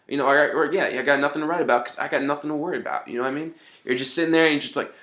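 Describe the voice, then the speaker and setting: A man's voice: a little high, steady tone, rapid-fire, fairly bright tone. A man giving casual songwriting advice in a rambling way, often saying "you know what I mean".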